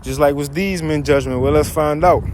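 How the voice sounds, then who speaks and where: A man teaching from scripture in a casual, slangy, animated way, reading verses and riffing on them. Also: on the high side, moderate pace, noisy background. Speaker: Bible teacher.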